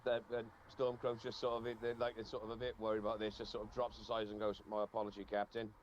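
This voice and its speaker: A man's voice: medium pitch, completely flat delivery, quick pace. A man playing a tabletop game, describing his character in an offhand way and swearing casually. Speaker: player. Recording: dull lo-fi mic with faint hiss.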